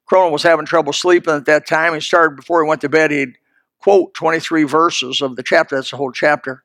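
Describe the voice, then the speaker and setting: A man's voice: on the high side, steady tone, brisk, fairly bright tone, dry recording. A man preaching a sermon in a folksy, emphatic way, speaking straight to his listeners.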